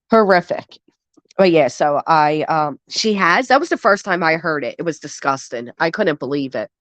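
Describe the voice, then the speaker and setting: A woman's voice: medium pitch, no echo. A woman in her thirties hosting a casual live stream while getting over the flu, chatting with her viewers. She talks candidly and curses freely, swinging between sappy gratitude and indignation. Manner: candid, emotional and profane, shifts quickly between sappy and indignant. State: recovering from the flu. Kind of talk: casual live-stream chat, reading and answering chat.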